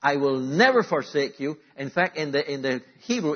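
A man preaching a sermon to a congregation, calling out to the room and moving between loud emphatic lines and quiet asides. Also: a little high, lively intonation, normal speed, dull audio. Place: church.

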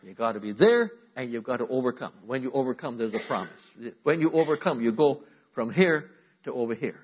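Husky preacher man, emphatic sermon. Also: medium pitch, animated, fairly quick, lo-fi sound. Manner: swings from loud emphatic exhortation to quiet asides. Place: church.

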